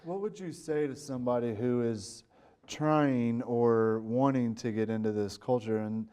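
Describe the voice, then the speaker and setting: A man's voice: medium pitch, measured pace, mellow, clean tone. A man hosting an interview, asking long, rambling questions with fillers. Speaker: interviewer host.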